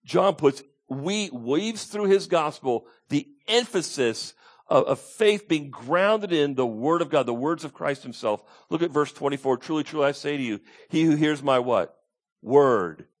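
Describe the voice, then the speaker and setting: A man's voice: fairly high pitch, animated, measured pace. A man preaching a sermon as pastor, emphatic, repeating his key points and asking the congregation to call out answers.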